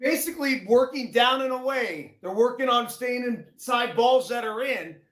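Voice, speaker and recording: Male co-host, blunt and casual, very high bright voice, echoey room. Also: animated, normal speed. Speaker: co-host, former ballplayer. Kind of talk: casual baseball chat.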